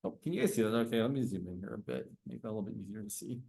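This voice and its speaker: A man's voice: on the low side, racing, vocal fry, mellow. Man teaching a probability class. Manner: explains step by step, self-correcting, asks the class questions.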